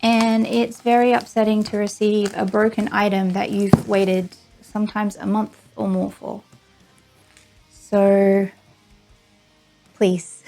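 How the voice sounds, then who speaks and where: A woman's voice: medium pitch, dark tone. A woman doing a casual unboxing vlog, sarcastic and exasperated, often laughing. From Australia. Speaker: vlogger.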